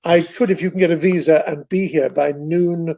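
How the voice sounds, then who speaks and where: A man's voice: a little high, steady tone, moderate pace, creaky, warm tone. An older man, a guest author telling long, rambling anecdotes in an interview. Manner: rambling anecdotal storyteller, digressive. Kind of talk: interview conversation.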